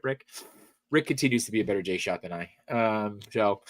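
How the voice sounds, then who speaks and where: A man's voice: fairly low pitch, animated, a little fast, dry recording, studio quality. A man hosting a podcast, greeting guests and laughing often in casual chat. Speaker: podcast host.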